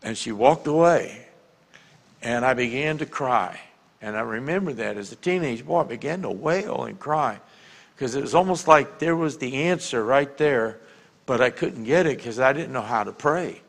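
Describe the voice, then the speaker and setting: A man in his sixties with a Louisiana accent, preaching a sermon in an earnest storytelling way that drops to a quiet hush at tender moments. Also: medium pitch, animated, normal speed, gravelly. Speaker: pastor. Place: church sanctuary.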